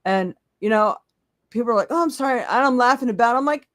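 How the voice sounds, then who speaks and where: A woman's voice: a little high, a little fast, no room sound, studio quality. A woman hosting a live psychic tarot stream, talking casually, laughing often and giving blunt encouragement. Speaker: psychic tarot reader, podcast host.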